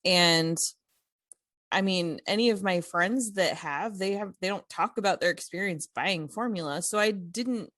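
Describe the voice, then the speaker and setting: A woman co-hosting a podcast, telling a story in a casual, animated way, with many fillers and restarts. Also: fairly low pitch, a little slow, no echo, studio quality. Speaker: podcast co-host.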